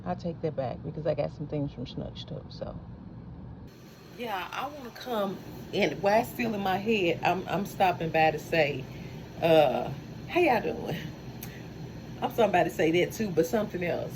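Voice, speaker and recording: A woman's voice: fairly low pitch, lively intonation, normal speed, noisy background. A woman chatting casually in a vlog, folksy and talkative, calling her viewers honey and baby. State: out of breath. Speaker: vlogger.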